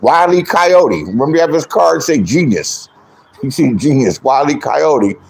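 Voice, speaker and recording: A man's voice: a little high, animated, moderate pace, gravelly. A middle-aged man ranting in a crude, boastful storytelling style, acting out other people's lines in mocking voices. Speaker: online commentator, self-styled comedian and troll. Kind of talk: profane storytelling rant.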